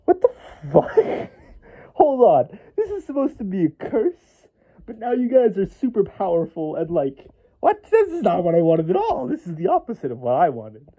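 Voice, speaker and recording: A man voicing a resurrected ancient elf, shouting in shrill, swearing disbelief, on thin phone-like audio. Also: wildly swooping pitch, moderate pace, exaggerated voice. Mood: outraged.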